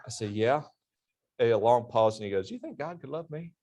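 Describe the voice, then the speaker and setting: A man's voice: mid-range voice, animated, normal speed, darkish tone. A middle-aged man, an army veteran and interview guest, telling stories animatedly and laughing at his own punchlines. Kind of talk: storytelling in a church class interview.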